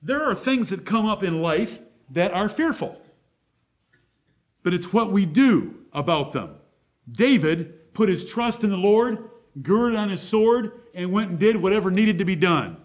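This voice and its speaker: High-voiced man preaching emphatically. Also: animated, measured pace. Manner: emphatic preaching with rhetorical questions. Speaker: pastor. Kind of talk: sermon.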